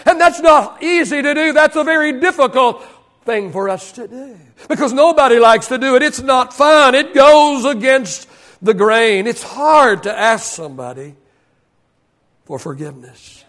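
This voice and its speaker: A man's voice: very high-pitched, expressive, unhurried, fairly bright tone. A male pastor preaching a sermon to his congregation, repeating key phrases for emphasis. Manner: preaching with emphatic repetition, leading the congregation in call-and-response. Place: church service.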